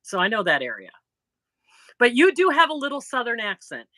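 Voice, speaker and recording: A woman's voice: fairly high pitch, huge pitch swings, brisk, sharp tone, dry recording, studio quality. A middle-aged woman with a northern Indiana accent, chatting casually and self-deprecatingly as co-host of a home crochet livestream. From northern Indiana, near Chicago. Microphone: laptop or phone mic.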